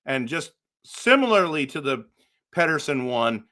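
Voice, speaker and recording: A man with a high, forceful voice hosts a hockey post-game show and talks casually over game replays. He rambles and gets excited, often restarting his sentences. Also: measured pace.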